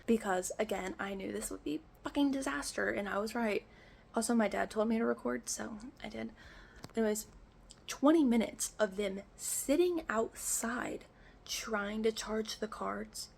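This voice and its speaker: Speaking at a measured pace, this young woman vents in a casual storytime vlog, fed up and cursing, with "like" sprinkled everywhere. Her fairly high voice is gravelly with a breathy edge, and the room echoes around her.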